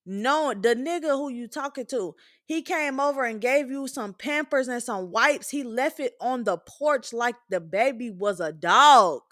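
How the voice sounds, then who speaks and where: Host, woman, 20s: candid, profane, emphatic monologue; slightly higher-pitched voice. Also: expressive, a little slow, a bit bright. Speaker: podcast host.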